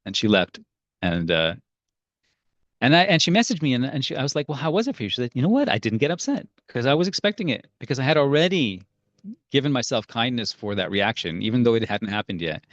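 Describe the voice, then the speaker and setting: A man's voice: medium pitch, very animated, brisk, fairly bright tone, no echo, muffled recording. A man leading a parenting workshop, talking casually and telling stories, with fillers and restarts. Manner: conversational, storytelling, frequent fillers and restarts.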